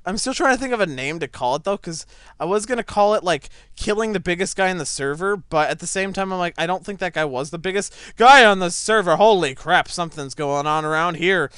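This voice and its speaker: A young man commentating his own gameplay, excitable, breaking into yelps and laughter, on a desk mic set back a little. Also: high voice, brisk, clear, resonant tone, no echo. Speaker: gaming channel host. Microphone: desk microphone set back a little.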